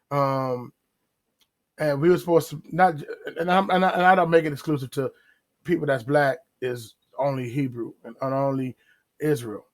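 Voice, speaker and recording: A man holds forth on a podcast in a voice pitched a touch higher than most men. He talks loosely and conversationally, slowing down to drag out key words and slipping into quick acted-out asides. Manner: animated, drawn-out emphasis and acted-out asides. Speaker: podcast host. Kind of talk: casual religious commentary.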